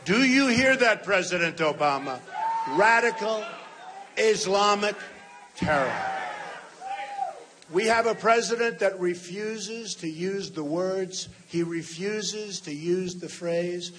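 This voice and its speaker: A man's voice: high voice, unhurried, few pauses, background noise. A man in his sixties giving an off-the-cuff campaign rally speech to a large hall, emphatic and repetitive, often talking straight to the crowd. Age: 60s. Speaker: political candidate.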